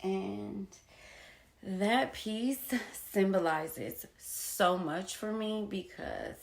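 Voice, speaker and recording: A young woman speaks slowly and thoughtfully, her voice grainy with vocal fry. She talks straight to her viewers, dropping now and then into soft whispers. The sound has a roomy echo around it. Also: medium pitch, lively intonation. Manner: slow, reflective, with soft whispered asides and laughing bursts. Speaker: poet and painter sharing her story. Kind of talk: casual heartfelt talk to viewers. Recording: echoey room.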